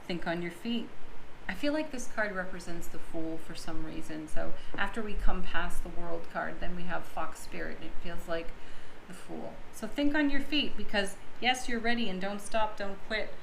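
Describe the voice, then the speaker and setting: A woman giving a daily tarot reading to viewers, with soft, drawn-out affirmations and breathy little laughs. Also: fairly low pitch. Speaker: tarot card reader. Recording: echoey room with clear background noise.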